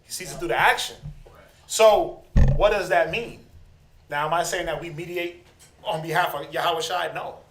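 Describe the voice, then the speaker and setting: Male Bible class teacher, high voice, lively and call-and-response, acts out the people he quotes; echoey room. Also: normal speed, background noise. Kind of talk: interactive scripture class.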